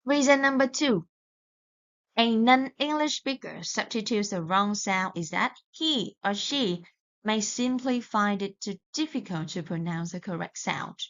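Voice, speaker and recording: A woman teaching English pronunciation in a recorded lesson, speaking slowly and deliberately and correcting herself along the way. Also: medium pitch, animated, a bit bright. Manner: slow and deliberate, with self-corrections. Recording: dull lo-fi sound.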